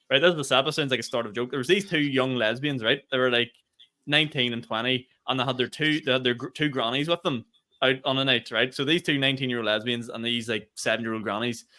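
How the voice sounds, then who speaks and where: A man's voice: medium pitch, quick pace. A young man with a Northern Irish accent, a comedian hosting a podcast, telling swear-laden gig stories in casual chat. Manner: animated storyteller, swears freely.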